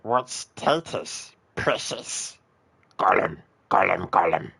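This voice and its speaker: A man putting on a Gollum-like creature voice, strained in the throat, drawing out slow croaking words. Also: deep voice, lively intonation, pushed and bright, heavily acted. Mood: hissing.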